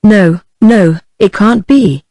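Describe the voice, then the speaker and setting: A woman's voice: medium pitch, slow pace, dark tone, no echo. A text-to-speech female voice with a British English accent reading the lines of an anxious young married woman who pleads earnestly. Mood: pleading. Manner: earnest and imploring.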